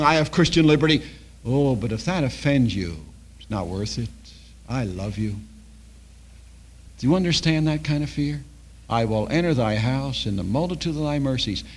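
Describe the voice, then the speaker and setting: A man's voice: mid-range voice, husky. An older man preaching a sermon as a pastor, telling stories and acting out the dialogue.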